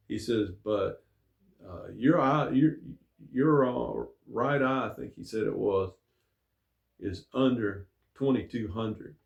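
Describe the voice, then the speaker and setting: A man's voice: mid-range voice, vocal fry, a little mellow, highs cut off. A middle-aged man, host of his own show, telling a rambling personal story in a folksy, casual way with many fillers. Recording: echoey room.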